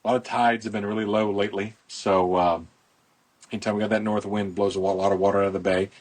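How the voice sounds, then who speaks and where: A man's voice: lowish voice, flat delivery, fast, a little mellow. A middle-aged man hosting a casual podcast, talking outdoors into a phone in a rambling, folksy promotional way. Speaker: podcast host, boat club owner.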